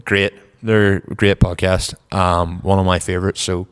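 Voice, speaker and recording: Low, smooth Northern Irish young man. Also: moderate pace. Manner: relaxed, rambling, trails off softly. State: cold. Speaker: podcast co-host. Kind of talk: casual car chat. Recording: long reverb.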